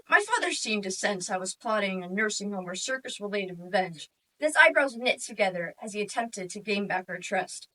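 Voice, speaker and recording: Far from the microphone, a woman with a mid-range voice delivers a comic story briskly as a student competitor. Her humorous interpretation narration is dry and deadpan.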